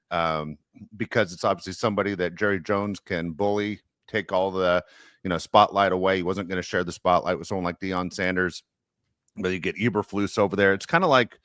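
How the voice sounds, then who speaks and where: Deep-voiced man hosting a sports podcast. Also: a bit bright, dry recording, clean studio sound. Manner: rambling, joking, frequent fillers. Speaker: podcast host. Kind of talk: casual sports podcast chat.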